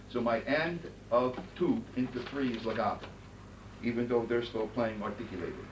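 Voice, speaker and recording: A man teaching a conducting master class, giving brisk coaching commands and singing phrases in nonsense syllables. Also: mid-range voice. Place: rehearsal room with band. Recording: roomy distant recording with noise.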